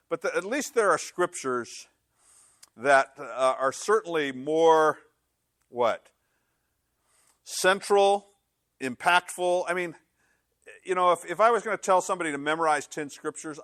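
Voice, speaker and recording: A man's voice: medium pitch, sharp tone, no echo, studio quality. A man preaching an informal sermon as pastor, rambling and joking, with frequent restarts. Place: church service.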